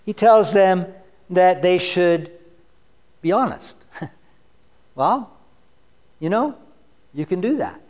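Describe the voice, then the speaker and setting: A man's voice: sits high, animated, slow pace, pauses often, a little mellow. A man preaching a sermon, conversational and wry, reading scripture passages with rising force. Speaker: pastor.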